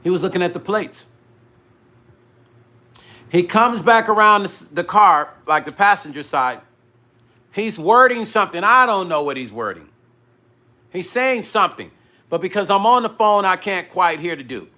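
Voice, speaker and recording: A man's voice: high-pitched, normal speed, long pauses. A middle-aged man hosting his own live vlog, animatedly retelling an incident in casual talk with frequent swearing. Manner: animated retelling that acts out dialogue, with frequent profanity. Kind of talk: casual live-stream storytelling.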